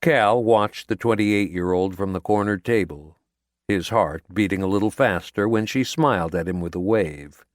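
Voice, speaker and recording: A man narrating an audiobook in a measured, steady storytelling manner, recorded in a voice-over booth. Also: on the low side, dry recording, studio quality. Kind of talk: scripted narration.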